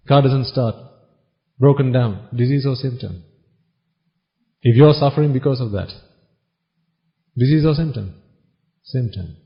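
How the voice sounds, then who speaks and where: Guy giving a buddhist dharma talk, keeps asking questions then answering them, kinda muffled recording. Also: medium pitch. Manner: chants Pali phrases quickly. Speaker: Buddhist preacher. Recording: dull lo-fi recording.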